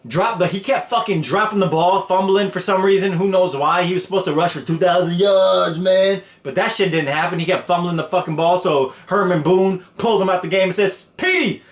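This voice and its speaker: Profane animated man ranting. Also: high-pitched, a little fast, few pauses, echoey room. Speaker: podcast host. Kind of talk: casual storytelling rant.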